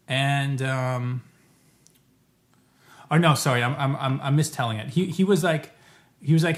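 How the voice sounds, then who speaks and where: A man's voice: medium pitch, moderate pace, long pauses. A man talks to camera about a trip, in a loose and chatty way. He often stops mid-phrase to correct himself. When he quotes the people he met, his voice jumps up and gets livelier. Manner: rambling, self-correcting, quotes people in animated bursts. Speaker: vlogger telling a travel story. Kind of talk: casual storytelling.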